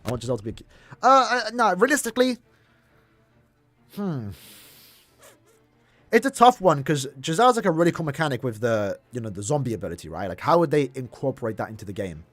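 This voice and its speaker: An Irish streamer in his youth plays a mobile game and chats casually with his audience, rambling, restarting sentences and responding to chat. His mid-range voice swings widely in pitch and moves briskly with long pauses, sounding fairly bright, with no echo.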